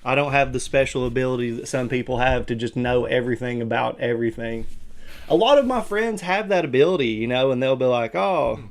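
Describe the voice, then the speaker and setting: A man's voice: medium pitch, animated, fairly quick. A man with a Southern US accent hosting a casual stream chat, loose, playful and profane. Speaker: stream host.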